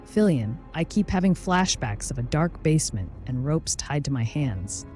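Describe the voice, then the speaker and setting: A man's voice: a little high, big pitch swings, normal speed, darkish tone, pitched above the performer's own voice. A weak, shaken woman police captain recovering in a hospital bed, as a male narrator puts her on. Her voice rises well above his own and swings up and down as she speaks, over faint music. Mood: uneasy.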